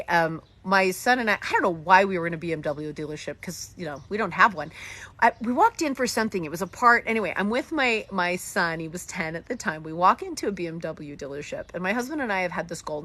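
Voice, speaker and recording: A middle-aged woman hosting a live online chat about homeschooling, reading out viewer comments and talking in quick, lively bursts as she acts out conversations. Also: fairly low pitch. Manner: animated, talks in quick bursts and acts out dialogue. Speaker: host of a live homeschooling session.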